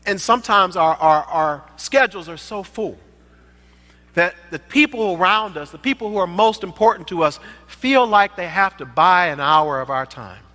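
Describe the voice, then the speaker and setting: A man's voice: sits high, lively intonation, normal speed, bright, forceful tone. A man giving a sermon as a guest preacher, emphatic, repeating phrases for effect. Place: church sanctuary. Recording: reverberant church sanctuary.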